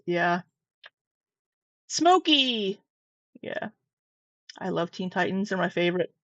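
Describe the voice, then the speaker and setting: A woman's voice: medium pitch, no echo. Sarcastic, foul-mouthed middle-aged woman. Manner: sarcastic and profane, teasing. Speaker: commentator reacting to clips. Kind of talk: casual reaction commentary. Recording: dull, dry, slightly lo-fi sound.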